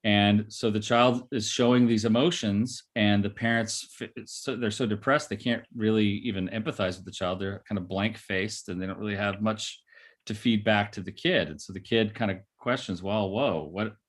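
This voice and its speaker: A man's voice: on the low side, steady tone, normal speed. A man, a therapist, explaining an idea in casual podcast talk, often checking in with "right?" and "you know". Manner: acts out quoted voices.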